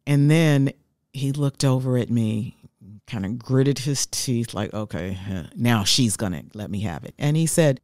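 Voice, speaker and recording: A woman's voice: extremely low pitch, unhurried, darkish tone, no room sound, clean studio sound. A woman in her fifties, a guest telling her life story in an interview, heartfelt and reflective.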